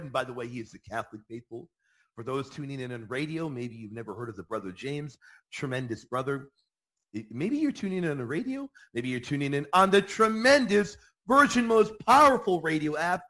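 A man hosting a Catholic apologetics talk in a preaching style, emphatic and animated, repeating phrases for emphasis. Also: a little high, fairly quick.

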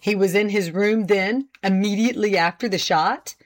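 Woman doing a formal male prosecutor, deliberate, pointed questions, storybook reading. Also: mid-range voice, close to an everyday voice. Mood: probing.

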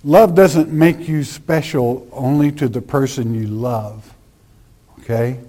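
A man preaching a sermon in a slow, conversational way, reading scripture with emphasis. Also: medium pitch, dark tone.

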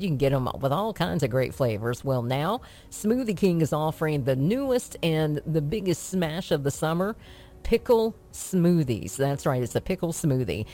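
A woman's voice: low-pitched, dark tone. A woman hosting a radio show, chatting casually and rambling in a self-amused way. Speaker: radio host.

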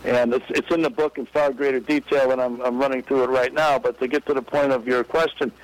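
A baseball executive with a mid-range voice tells an anecdote during an interview at a fairly quick pace. A lively storyteller, he acts out the voices of the people he quotes. The recording quality is rough.

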